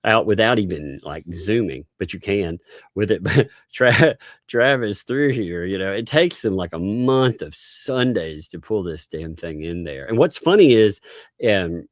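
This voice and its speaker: A man's voice: fairly low pitch, lively intonation, unhurried, dry recording, clean studio sound. A man hosting a casual live-stream chat, often laughing through his sentences. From the Bronx. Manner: laughs often, chuckling asides. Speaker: host.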